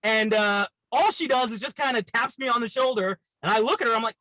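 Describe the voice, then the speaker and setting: A man's voice: very high voice, lively intonation, fast talker, hardly any pauses, bright, forceful tone, no room sound, rough recording. A young man from Canada, a podcast guest, telling a story in a chatty way, full of fillers like "like" and acting out the voices of the people in it. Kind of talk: casual storytelling.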